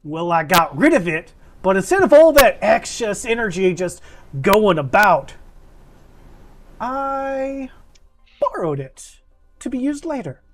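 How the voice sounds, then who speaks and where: A man's voice: sits high, very animated, slow, soft background music, heavily acted. A man voicing a male wizard with a put-on Southern drawl, folksy and chuckling. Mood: flustered. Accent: American Southern, put on.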